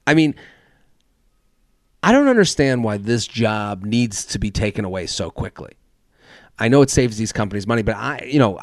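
A man's voice: lowish voice, dry recording. Dry-sounding ranting podcast host man. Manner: exasperated ranting, swearing, mock outrage. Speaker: podcast host reading listener complaints. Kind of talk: casual comedic podcast monologue.

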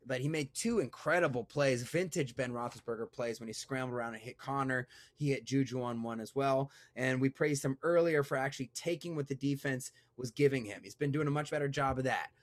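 A sports podcast host with a mid-range voice talks briskly and barely pauses, captured on a dry recording. Between bits of an ad read he jokes around and rambles, cutting himself off again and again.

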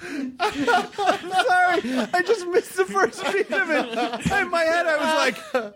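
A man with a high voice hosts a loose comedy podcast chat. His pitch swings widely as he tells stories. He keeps breaking into laughter mid-sentence. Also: slow pace, crowd noise. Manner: laughs often while telling stories, animated. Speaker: podcast host. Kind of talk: casual chat.

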